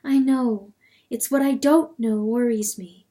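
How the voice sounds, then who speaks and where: Woman reading as an anxious hen wife, high-pitched and pleading, for a storybook reading. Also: fairly even intonation, unhurried, mellow, close to an everyday voice. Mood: insistent. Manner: urgent, imploring.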